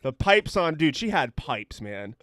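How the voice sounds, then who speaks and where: A man's voice: on the high side, sing-song, measured pace, a bit bright, no echo, clean studio sound. A young man co-hosting a podcast, telling stories in a rambling, profane way full of "like" fillers. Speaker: podcast co-host. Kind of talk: casual chat.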